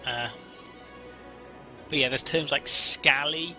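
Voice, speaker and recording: A man's voice: fairly high pitch, fairly even intonation, slow pace, over music. A man co-hosting a casual podcast chat, rambling and playful with lots of fillers. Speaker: co-host.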